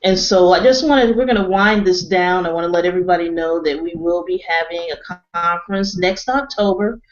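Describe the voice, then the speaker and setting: A woman hosting a webcast panel discussion, wrapping up in a measured, conversational way. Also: on the low side. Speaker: webcast host. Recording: dull lo-fi webcast audio.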